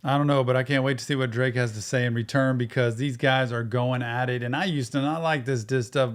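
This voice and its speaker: A man, co-hosting a casual reaction chat, excitable with drawn-out exclamations. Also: mid-range voice. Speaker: co-host of a music reaction show.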